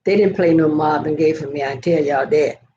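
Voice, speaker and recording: A woman's voice: low voice, moderate pace, warm tone. An older woman hosting a casual vlog, telling a meandering story and talking straight to her live viewers. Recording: dull lo-fi sound with faint noise.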